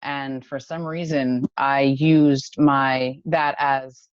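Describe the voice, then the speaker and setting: A woman's voice: a bass voice, slow, clean tone, dry recording, lo-fi sound. A woman being interviewed as a guest, telling a personal story with emotion and nervous laughs. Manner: emotional, animated retelling with laughs. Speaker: podcast guest, company founder.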